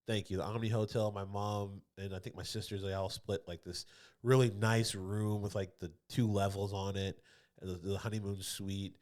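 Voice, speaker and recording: A man's voice: on the low side, flat delivery, normal speed, darkish tone. Man, podcast co-host, casual comedic storytelling, rambling, laughs a lot, studio mic. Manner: rambling, laughs often, acts out others' voices.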